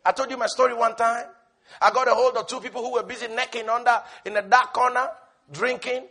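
A man preaching a sermon with passion, swinging between loud shouted refrains and soft low asides, laughing and repeating key words. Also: fairly even intonation, brisk.

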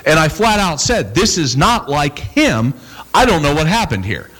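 Lively preacher, animated man. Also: on the high side, normal speed. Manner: animated, acts out quoted voices, bursts into shouts. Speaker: pastor. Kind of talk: sermon.

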